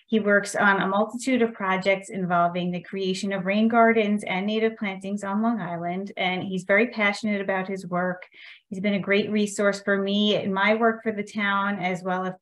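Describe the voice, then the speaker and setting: A woman's voice: mid-range voice, little pitch movement, moderate pace. A woman from the town staff introducing a guest speaker at a workshop, friendly and slightly hesitant. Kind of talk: event introduction.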